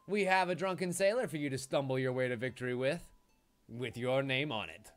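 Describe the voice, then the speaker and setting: A man giving live commentary while he plays a video game, excitable and quick to swear when things go wrong. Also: medium pitch. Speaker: game streamer. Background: game music.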